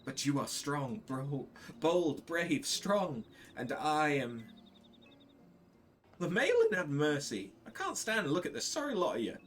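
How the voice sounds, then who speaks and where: A man's voice: fairly high pitch, very animated, a little slow, fairly bright tone, slight background noise, pitched above the performer's own voice. A man voicing a brash, tough woman adventurer, reading game dialogue aloud in a blunt, scornful, slangy way.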